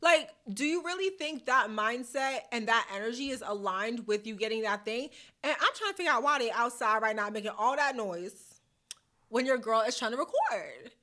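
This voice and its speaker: Female podcast host, bright crisp tone, slightly high, sassy playful motivational chat. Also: animated, normal speed. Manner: chatty, playful, sassy slang, laughs often. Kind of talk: casual motivational talk to camera. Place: hot room at home. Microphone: camera mic.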